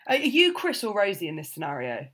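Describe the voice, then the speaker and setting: A bubbly woman from England co-hosts a chatty podcast and teases her partner in a relaxed way. Her pitch moves widely and sounds animated throughout. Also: a little fast. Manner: teasing, bubbly. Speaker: podcast co-host. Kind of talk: casual chat.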